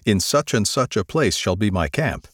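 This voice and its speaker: A man's voice: on the low side, expressive, moderate pace, a bit bright, no room sound, clean studio sound. A man reading the lines of a troubled, demanding warrior king in a scripture reading, with a raised, urgent delivery.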